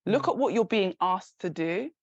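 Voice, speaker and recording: A woman's voice: medium pitch, animated, normal speed, dry recording. Candid woman coach, dry dull sound. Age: 40s. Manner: candid, encouraging, laughs easily. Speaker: career and confidence coach, guest. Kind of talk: podcast interview, casual advice.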